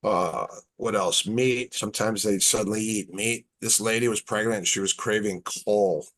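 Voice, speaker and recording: A man's voice: on the low side, normal speed. A man in casual podcast chat, telling stories and acting out the dialogue. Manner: relaxed storyteller, acts out quoted dialogue. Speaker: podcast guest.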